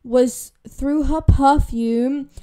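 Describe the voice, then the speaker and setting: A woman's voice: high voice, steady tone, extremely slow, mellow. A young British woman talking casually to her viewers, chatty and emphatic, repeating words for stress. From Britain. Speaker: YouTuber. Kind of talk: casual commentary vlog.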